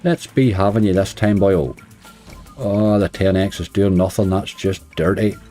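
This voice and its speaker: A man's voice: low voice, steady tone, measured pace, warm tone, faint music behind. A middle-aged man with a Northern Irish accent, streaming online slots and chatting casually while grumbling at the game. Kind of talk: casual live-stream commentary.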